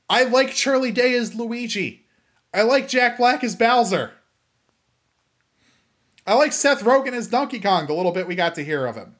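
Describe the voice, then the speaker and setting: Rambling young American man hosting. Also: sits high. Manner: rambling, animated, frequent fillers and restarts. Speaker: podcast host. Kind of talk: casual solo commentary show.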